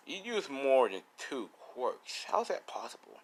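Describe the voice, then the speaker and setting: A man's voice: medium pitch, very animated, a little slow, slightly rough, heavily acted. A man voicing an earnest adult male hero teacher who asks raised, questioning things.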